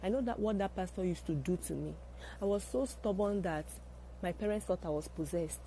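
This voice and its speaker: A woman giving a measured personal testimony and recounting her experience. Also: on the low side, dark tone, a little hiss or hum, low-quality recording.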